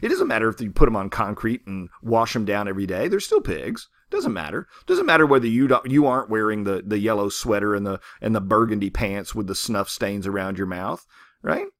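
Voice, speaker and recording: Brief: male literature teacher, conversational, lively pitch, dry close sound. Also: fairly quick, dry recording. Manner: conversational, checks in with "right?". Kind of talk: lecture on a short story.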